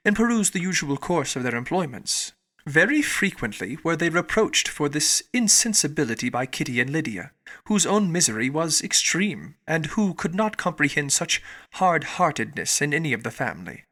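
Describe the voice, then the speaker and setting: A man narrating a classic novel in a measured, formal reading. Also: on the high side, bright, forceful tone. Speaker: audiobook narrator. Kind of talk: scripted narration.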